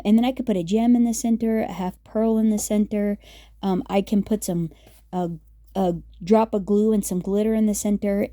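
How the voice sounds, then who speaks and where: A woman's voice: medium pitch, dark tone, no room sound, studio quality. A woman hosting a casual craft tutorial, chatty and upbeat with many fillers as she works. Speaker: craft video host.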